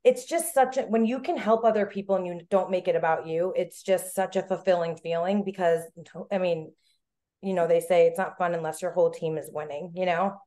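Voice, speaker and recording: A woman's voice: lowish voice, steady tone, brisk, mellow. A woman guest in a casual interview, earnest and reflective, talking sincerely about her work. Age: adult, with a daughter. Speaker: guest, business owner.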